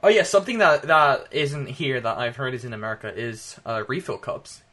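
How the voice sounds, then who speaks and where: A man's voice: mid-range voice, fairly quick, bright, forceful tone. A young man chatting casually on an online voice call through a cheap microphone, rambling with restarts. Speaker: friend in chat. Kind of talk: casual group chat.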